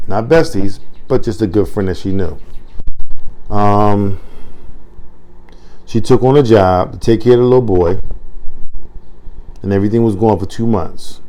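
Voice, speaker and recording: A man's voice: on the low side, unhurried, long pauses, mellow. A man in casual video commentary, talking in a conversational way full of "you know what I'm saying" and heated rhetorical questions. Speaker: commentator on a news story.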